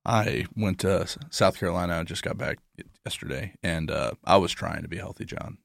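A man's voice: low-pitched, brisk, gravelly, dry recording, studio quality. A man co-hosting a church podcast in laid-back, joking chat, calling his friend dude and bro. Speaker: podcast co-host, pastor. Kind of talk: casual chat.

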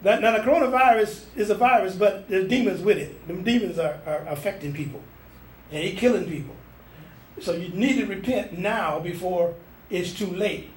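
A man with a high voice preaches a sermon, pressing his points with fervent repetition. His words ring out in a roomy space with plenty of echo. A faint hum sits underneath. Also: moderate pace, far from the mic.

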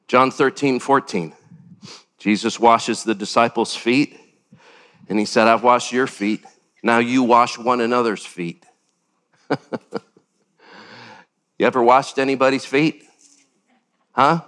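An older man preaching a sermon as pastor, animated, with sudden jumps up in pitch and acted-out quotes. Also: slow, pauses often.

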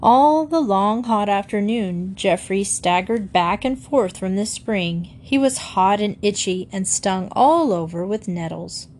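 A woman reading a children's book aloud to listeners in a gently expressive way. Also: mid-range voice, unhurried, few pauses. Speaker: storyteller.

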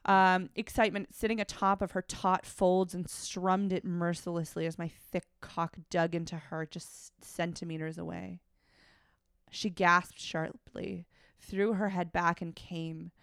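A woman's voice: on the low side, level tone, a little slow, creaky, a bit bright, clean tone, no room sound, clean studio sound. A woman podcast co-host reading fiction aloud and breaking off now and then for frank, wry asides.

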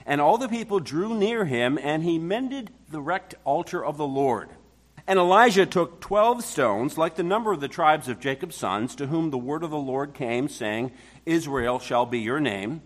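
A man's voice: fairly high pitch, animated, normal speed. A male pastor reading a long scripture passage aloud with dramatic emphasis, then starting his sermon.

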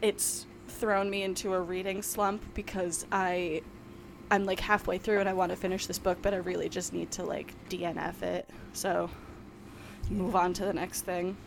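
A woman's voice: on the low side, level tone, normal speed, vocal fry, background noise. A woman from New York, co-hosting a podcast in casual chat, rambling and laughing often. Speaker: podcast co-host.

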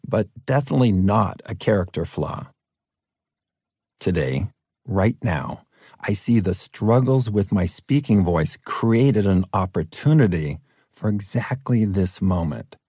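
A middle-aged man from California narrating his own audiobook in an earnest, personal way, his deep voice cracking at times. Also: dark tone, husky, dry recording, clean studio sound. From Fresno, California. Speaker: author reading his own book.

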